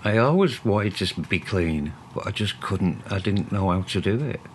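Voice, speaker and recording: Deep-voiced middle-aged Mancunian man, blunt and sweary, faint hiss behind. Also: lively intonation, normal speed. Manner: blunt, sweary, laughs while telling stories. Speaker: co-host. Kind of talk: candid conversational podcast.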